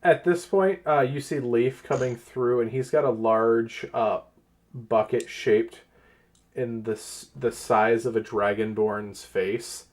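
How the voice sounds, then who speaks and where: A man running a tabletop game as game master, narrating in a relaxed, chuckling way. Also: mid-range voice, slow pace.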